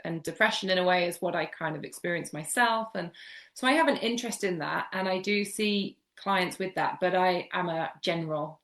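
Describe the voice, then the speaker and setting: A woman's voice: lowish voice, moderate pace, fairly bright tone. Chatty woman from the UK. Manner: chatty, repeats words for emphasis, laughs easily. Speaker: guest homeopath. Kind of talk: casual podcast interview.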